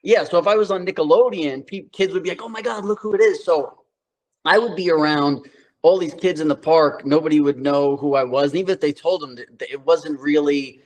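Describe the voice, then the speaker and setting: A man's voice: a little high, fairly quick, darkish tone, rough recording. A man in his thirties from New York, telling loose, slangy stories as an interview guest, with lots of filler words. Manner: loose, slangy storytelling full of "like". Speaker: guest, actor. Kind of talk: casual interview chat.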